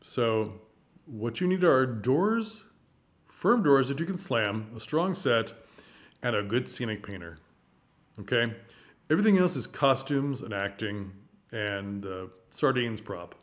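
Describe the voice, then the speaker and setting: A man's voice: mid-range voice, animated, unhurried. A man hosting a theater channel, giving chatty, encouraging advice. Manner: chatty, coaching, encouraging, with rhetorical questions. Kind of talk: casual advice monologue.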